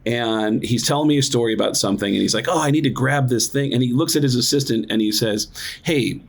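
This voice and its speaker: A man who is a guest comedian on a podcast, talking in a relaxed, reflective way with plenty of fillers. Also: mid-range voice, fast. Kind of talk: casual interview chat.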